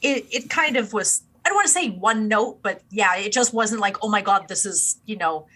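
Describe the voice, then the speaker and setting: A woman's voice: medium pitch, lively intonation, normal speed, sharp tone, poor audio. A woman co-hosting a casual music review podcast, playful and self-deprecating, acting out her reactions. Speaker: podcast co-host.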